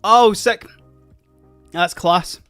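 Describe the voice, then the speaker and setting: A man's voice: sits high, drawn-out words, fairly bright tone, no room sound, faint music behind. A Scottish man hosting a casual livestream, chatty and upbeat, thanking viewers as he reads the chat. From Scotland. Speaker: livestream host.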